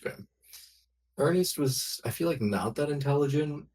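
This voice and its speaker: Player in a tabletop game, mid-pitched, casual, sounding slightly distant from the mic. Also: animated, normal speed, a little mellow.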